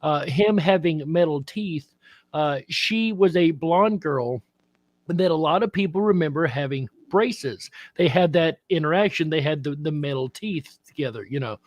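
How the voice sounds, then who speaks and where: A man's voice: fairly high pitch, normal speed, no room sound. A man hosting a live-stream panel chat, quizzing a guest politely and addressing him as sir. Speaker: quiz host.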